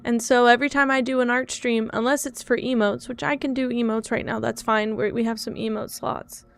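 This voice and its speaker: A woman's voice: on the high side, fairly even intonation, fairly quick, gravelly. A young woman streamer chatting casually to her viewers, frustrated and self-critical as she talks through her troubles. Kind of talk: casual live-stream chat.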